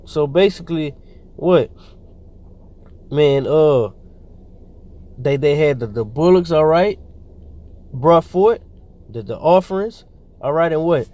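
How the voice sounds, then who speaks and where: A man with a somewhat high voice preaching informally. He reads scripture aloud, then breaks into slangy, rambling commentary full of fillers and restarts. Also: animated, slow pace, pauses often, dark tone.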